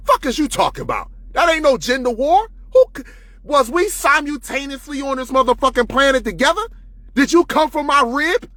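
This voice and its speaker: A man's voice: very high-pitched, a bit bright. A man in an unscripted monologue to camera, profane and preachy, often heated. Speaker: vlogger.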